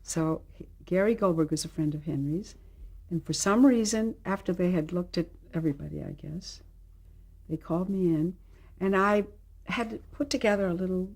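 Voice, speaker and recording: An older actress in an archival interview, telling an animated anecdote and acting out the people she quotes. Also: fairly low pitch, slightly rough. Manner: animated storyteller, acts out quotes. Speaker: actress recalling a role.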